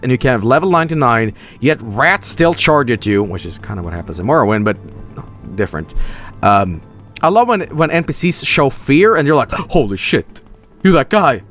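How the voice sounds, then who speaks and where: A man's voice: mid-range voice, very animated, a little fast, fairly bright tone, soft background music. A man giving casual, rambling gameplay commentary as a streamer, swearing and laughing often.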